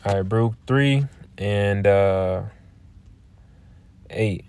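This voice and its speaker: A man giving informal scripture teaching in a blunt, halting way. He repeats words and keeps asking "all right?". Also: on the low side, darkish tone, smooth. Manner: blunt, profane. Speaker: religious teacher.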